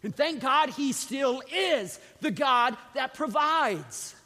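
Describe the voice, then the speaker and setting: A man preaching a sermon as a pastor, calling on the congregation to repeat after him and swinging from quiet asides to shouted emphasis. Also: very high voice, expressive, takes it slowly, a little hiss or hum. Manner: preaching with call-and-response to the congregation. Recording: long reverb of a large hall.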